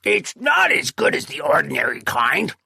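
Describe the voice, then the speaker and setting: A woman voicing a grumpy, hairy old husband who complains gruffly, as if his mouth were full. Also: medium pitch, wildly swooping pitch, slow, bright, forceful tone, full character voice. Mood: grumbling. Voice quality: gravelly, squashed.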